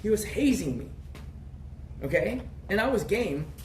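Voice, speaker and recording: Casting note: a man with a higher voice telling a rambling, swear-heavy story, heard from off-mic in an echoey room. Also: very animated, unhurried, a little mellow, recorded from a distance, slight background noise. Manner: rambling, profane, quotes people in dialogue. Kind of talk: casual storytelling chat.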